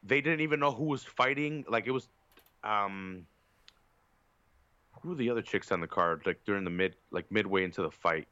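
A man's voice: on the low side, moderate pace, pauses often, sharp tone, no echo, highs cut off. A man on a podcast telling a long, profane, rambling story in casual chat, with lots of fillers. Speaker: podcast co-host.

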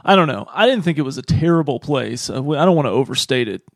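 A man's voice: medium pitch, expressive, fast, no room sound. A man co-hosting a podcast, chatting casually with dry, wry remarks. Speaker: podcast co-host. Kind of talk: casual chat.

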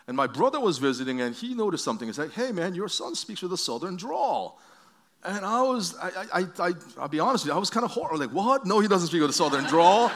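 A man's voice: fairly high pitch, fairly bright tone. A man preaching a conversational sermon to a congregation, telling stories and asking questions, with frequent restarts. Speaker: pastor.

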